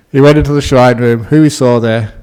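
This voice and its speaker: With a clean tone and medium pitch, a male Buddhist monk shares a story in a casual, joking dharma talk, laughing a good deal along the way.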